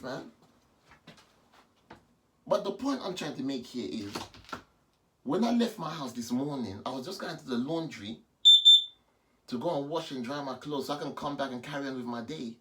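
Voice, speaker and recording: A man, a pastor, giving an animated personal testimony in a vlog and repeating himself as he talks. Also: on the high side, measured pace, pauses often. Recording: distant mic with faint background noise.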